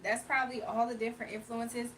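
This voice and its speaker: A woman's voice: fairly high pitch, level tone, quick pace, a bit bright, distant mic, a little hiss or hum. A woman from Virginia hosting a casual livestream, chatting loosely and reading out viewer comments. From Virginia, USA. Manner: chatty, laughs often, reads chat aloud. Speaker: livestream host.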